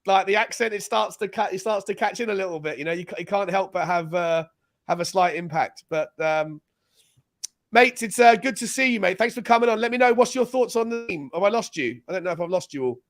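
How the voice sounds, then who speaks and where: A man's voice: high voice, expressive, fairly quick, a bit bright. Chatty British man hosting a live watchalong. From Britain. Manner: chatty, loose, restarts sentences often. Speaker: host. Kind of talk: casual live watchalong chat.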